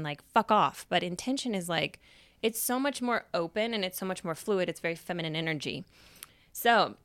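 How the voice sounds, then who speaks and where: A young adult woman hosting a podcast tells a personal story casually and with energy, cursing freely and acting out things she once said. Her medium-pitched voice is clear and resonant, captured in clean studio sound without echo.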